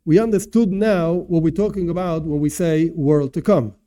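Man with a very dark tone, lecturing. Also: fairly high pitch, fairly even intonation, normal speed. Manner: thinks aloud, rephrases and translates terms as he goes. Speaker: religious teacher. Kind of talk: informal lecture on Jewish teachings.

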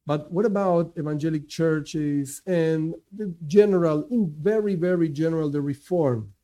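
A man teaches a class in a fairly high voice with a mellow, soft-edged tone. He talks in a loose, conversational way, hammering his main points again and again and stopping for quick asides. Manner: emphatic, repeats key points, conversational asides. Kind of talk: informal religious lecture.

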